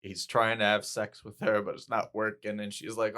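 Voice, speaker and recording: A man's voice: fairly low pitch, normal speed, fairly bright tone. A man co-hosting a podcast, chatting casually and laughing a lot as he acts out movie lines. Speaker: podcast co-host. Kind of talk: casual chat.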